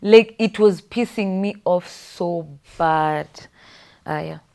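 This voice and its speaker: A young woman with a Kenyan accent, a podcast guest telling a personal story in a studio, often sinking into a breathy whisper. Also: on the low side, slow, mellow. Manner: often drops to a breathy whisper, switches between English and Swahili slang.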